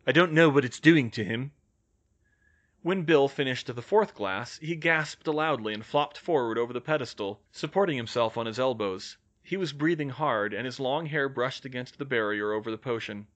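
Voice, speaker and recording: A man narrating a fan fiction audiobook in an expressive reading style. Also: medium pitch, moderate pace, few pauses, dull audio. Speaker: reader.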